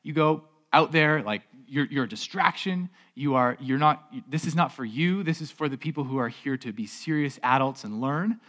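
A brusque male disciple talks down to those he turns away, condescending and impatient. A man puts him on during a sermon. The voice is plain and only lightly acted, a shade higher than the speaker's normal tone. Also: animated, normal speed, few pauses, fairly bright tone. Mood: dismissive. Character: dismissive adult male disciple shooing children away.

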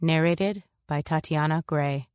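An actress narrating a science fiction short story in the first person, in a measured, composed reading. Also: female voice, sits low, a little mellow, clean tone, no echo, clean studio sound.

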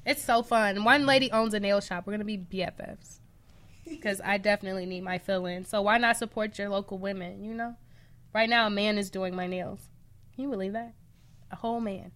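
A woman co-hosting a casual pop culture chat, playful and quick to laugh. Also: medium pitch. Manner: playful, laughs often, animated. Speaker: co-host.

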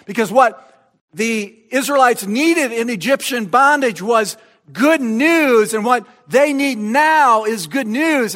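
A man delivers a sermon, reading scripture with emphasis and shifting between soft, slow stretches and loud, shouted proclamation. His voice is very high-pitched.

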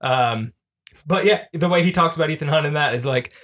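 A man's voice: fairly high pitch, fairly quick, fairly bright tone. A man co-hosting a film podcast in casual chat, enthusiastic and chuckling between points. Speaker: podcast co-host.

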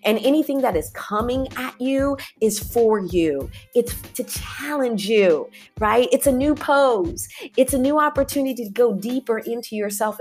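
Lady podcast host cheering folks on, says y'all a lot, faint music underneath. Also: on the high side. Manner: encouraging, repetitive, says y'all. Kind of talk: motivational podcast talk.

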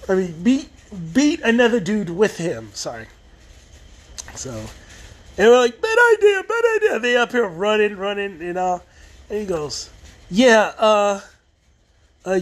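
High-voiced man recapping a TV episode. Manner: rambling storyteller who restarts phrases; acts out quoted lines in retelling. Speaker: TV show reviewer.

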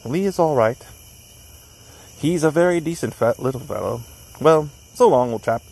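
A man's voice: a little high, lively intonation, moderate pace, vocal fry, darkish tone, breathy edge, exaggerated voice, low-quality recording. A man doing a breezy young oarsman. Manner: jovial, clubby chatter. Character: hearty young male oarsman, breezy and chummy.

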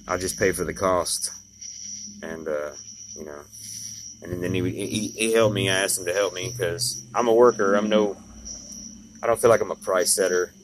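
Over background noise, a man's low-sitting voice carries a casual vlog. He's a middle-aged glass installer who wanders through tales of his day, folksy and filler-heavy.

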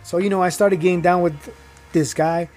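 High-voiced man telling a rough story. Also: fairly even intonation, moderate pace, a little mellow, faint music behind. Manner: rambling, many fillers and restarts, grows heated. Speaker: guest telling his life story. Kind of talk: casual storytelling.

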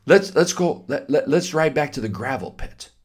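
A man voicing a bold young boy who coaxes his friend in a high, keen voice. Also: animated, normal speed.

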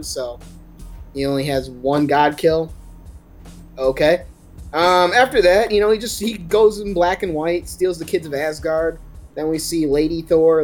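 A man's voice: on the high side, darkish tone. A man giving a rambling, sarcastic, profane movie recap on a podcast. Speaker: podcast co-host.

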